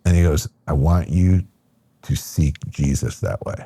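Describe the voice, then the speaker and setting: A man's voice: extremely low pitch, lively intonation, measured pace, vocal fry, warm tone, slightly rough, dry recording. A middle-aged man from Michigan, a podcast guest, telling a personal story casually with lots of fillers and acted-out quotes. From Michigan, USA.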